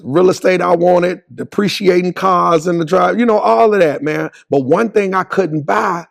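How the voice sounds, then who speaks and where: A middle-aged man with a gravelly, creaky voice tells his story as a podcast guest, using slang and acting out quoted lines. The sound is dry and close. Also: high-pitched, moderate pace, no room sound. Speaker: podcast guest, cycling specialist. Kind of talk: casual storytelling interview.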